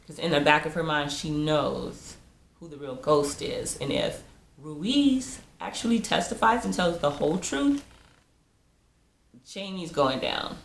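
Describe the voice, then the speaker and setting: A TV episode reviewer recaps a show in a chatty, casual way, laughing often and acting out the characters' lines. Her voice is low-pitched and a little slow with vocal fry. The recording has a roomy echo and a slight hiss or hum.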